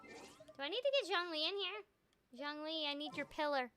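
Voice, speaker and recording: A bubbly young woman chatting through a video game, her voice high and strikingly bright. She giggles a lot and leans on "like" as she talks. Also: normal speed, soft background music. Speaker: voice actor streaming a game. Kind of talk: casual gameplay commentary.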